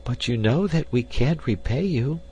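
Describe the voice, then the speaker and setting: A man's voice: lowish voice, animated, measured pace, a little mellow, slight background noise. A man reading the part of a proud young woman, earnest and dignified.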